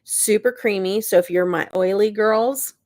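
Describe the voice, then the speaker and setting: A woman's voice: mid-range voice, moderate pace, darkish tone, no echo, studio quality. Chatty woman on a bedroom livestream. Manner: chatty and bubbly, laughs often, greets viewers by name. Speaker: beauty YouTuber. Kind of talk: casual live-stream chat. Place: bedroom, in bed.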